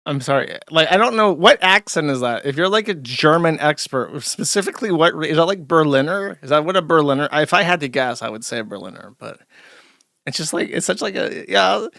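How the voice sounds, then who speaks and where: A man's voice: on the high side, expressive, a little fast, creaky, pushed and bright, dry recording, studio quality. A male host giving a rambling, sarcastic livestream commentary with frequent restarts.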